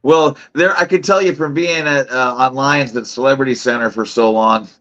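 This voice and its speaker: Middle-aged male co-host, rambling storyteller full of restarts, medium pitch, muffled lo-fi mic. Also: normal speed, a bit bright. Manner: rambling, laughing, many restarts and fillers. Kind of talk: casual chat, storytelling. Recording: dull lo-fi remote audio.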